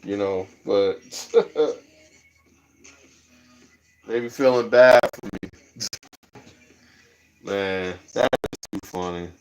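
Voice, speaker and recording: A man's voice: on the low side, drawn-out words, pauses often. A man livestreaming, chatting casually and rambling, chuckling often as he talks.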